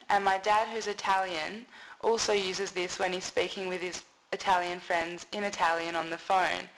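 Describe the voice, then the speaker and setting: A woman from Australia with an Australian accent, giving a prepared talk and reading it aloud at a slow, careful pace. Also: medium pitch, fairly bright tone, slight background noise, low-quality recording.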